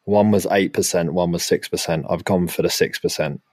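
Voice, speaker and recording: Man, very low voice, podcast host, teasing, laughing, dry room. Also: fairly even intonation, brisk, a little mellow, dry recording. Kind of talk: casual chat.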